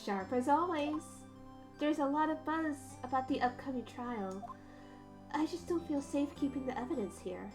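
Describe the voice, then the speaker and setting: A woman voicing a calm young lawyer who speaks gently and in a measured way to her little sister. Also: sits high, close to an everyday voice. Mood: gentle. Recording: game music behind.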